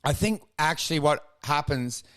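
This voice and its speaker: A man's voice: on the high side, expressive, normal speed, fairly bright tone, no room sound. A young man co-hosting a comedy podcast, rambling manically, swearing freely and slipping into silly voices. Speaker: podcast co-host.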